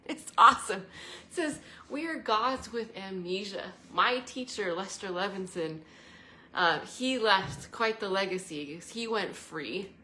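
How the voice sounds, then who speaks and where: A woman's voice: lowish voice, bright, forceful tone, a little hiss or hum. A woman vlogger talking in a casual, reflective monologue, earnest and meandering, from an indoor living room by the fire. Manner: meandering, earnest, breaks into laughter. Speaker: travel and spirituality vlogger.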